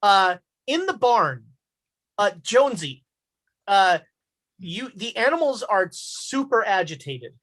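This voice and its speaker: A woman's voice: mid-range voice, big pitch swings, a bit bright. A woman game master narrates a spooky tabletop scene in an ordinary mid-range voice. She talks loosely and breaks off often to find her words. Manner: halting, many fillers.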